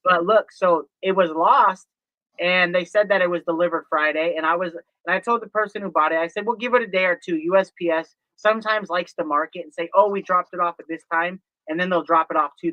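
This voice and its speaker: Chatting casually on a stream, a man tells animated stories, laughs easily and acts out his phone calls. His high voice moves fairly quickly, and the audio is dull with no echo.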